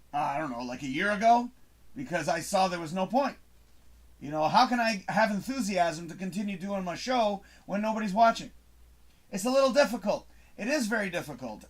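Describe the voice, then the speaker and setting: A man hosting his own show, ranting to camera in a frustrated, swearing monologue with emphatic bursts. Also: high voice. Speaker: host. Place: home studio.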